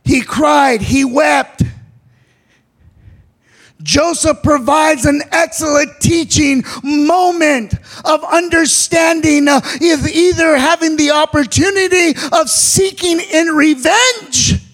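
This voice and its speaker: A man preaching a sermon in a shouted, sing-song delivery, with frequent "uh" fillers between phrases. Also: very high voice, slow.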